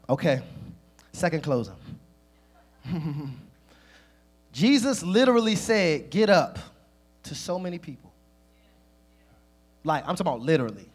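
Male preacher, sermon delivery, very animated pitch, slightly husky, speaks straight to the congregation. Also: measured pace, long pauses. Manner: lively, addresses the congregation directly.

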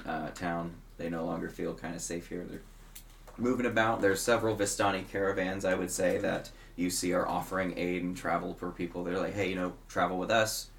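A man's voice: low voice, vocal fry, slight background noise. A man narrating a tabletop game as game master, casual and rambling with many fillers.

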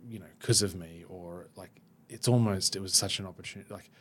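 Low husky guy hosting a podcast, open, restarts a lot. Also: a bit bright. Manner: open and self-reflective, halting restarts. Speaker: podcast host. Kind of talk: candid podcast conversation.

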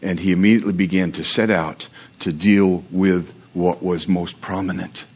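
A man's voice: low voice, steady tone, normal speed, darkish tone, husky. A man in the role of pastor, reading scripture and then preaching in a conversational, joking manner to his congregation on a livestream. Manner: reads scripture aloud then preaches conversationally, with prayer and humor. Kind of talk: sermon.

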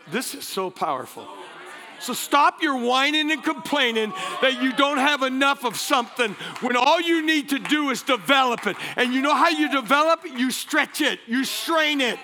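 A man preaching a passionate sermon in a church, shouting and laughing as he goes. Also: extremely high pitch, lively intonation, moderate pace. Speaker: guest pastor. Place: large church sanctuary.

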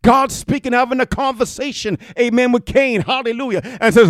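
A man's voice: a little fast, hardly any pauses, no echo, clean studio sound. A man preaching a fiery sermon, scattering amen and hallelujah and reading scripture in King James wording. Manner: peppers speech with amen and hallelujah; swings between loud exhortation and low murmured reading.

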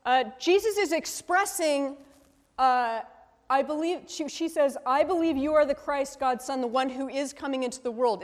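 A woman leading a conversational Bible study, thinking aloud and asking the group questions with a frequent "right?". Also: sits high. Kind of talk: conversational scripture teaching. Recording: long reverb from a hall.

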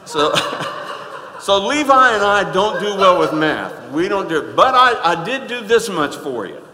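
A man preaching a sermon in a folksy, emphatic way, dropping to quiet asides and then rising to loud stresses. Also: sits high, big pitch swings, measured pace, background noise. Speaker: pastor. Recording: echoey hall with long reverb.

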